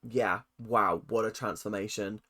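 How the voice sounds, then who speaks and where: A man hosting a reaction video, talking in an animated, effusive way and acting out his own quoted reactions. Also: fairly low pitch, measured pace. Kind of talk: casual reaction commentary.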